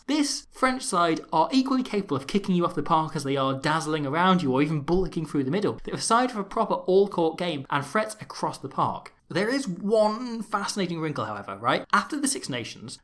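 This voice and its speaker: Man, rugby analysis host, animated pitch, wry, sarcastic, scripted delivery. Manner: wry, jokey, sarcastic asides; bursts of excited emphasis. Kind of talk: scripted sports analysis video.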